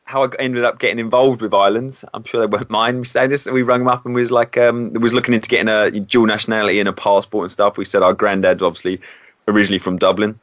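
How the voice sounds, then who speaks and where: A man speaks in a fairly low voice in a relaxed interview. He is candid and often halting as he corrects himself mid-sentence. The sound is dry and close. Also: dry recording. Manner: candid, hesitant, self-correcting. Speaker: guest, former PE teacher. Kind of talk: casual interview.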